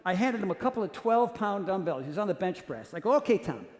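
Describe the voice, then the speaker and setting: A man speaking in a voice on the higher side, animated and jokey, acting out the people in his stories. It rings through a large conference hall with a long, roomy echo. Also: quick pace. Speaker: keynote speaker. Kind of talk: storytelling talk to an audience. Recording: echoey hall with long reverb.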